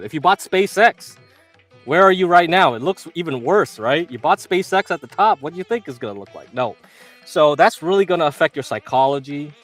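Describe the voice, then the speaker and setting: A man's voice: fairly high pitch, fairly bright tone. A man hosting a livestream about the stock market, talking loosely to his viewers as "you" and acting out how panicked traders feel, swearing now and then. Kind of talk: casual market commentary.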